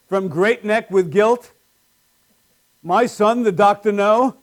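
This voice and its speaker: A man's voice: high-pitched, slow. A man doing a live stand-up routine with wry, self-deprecating punchlines on a small comedy stage.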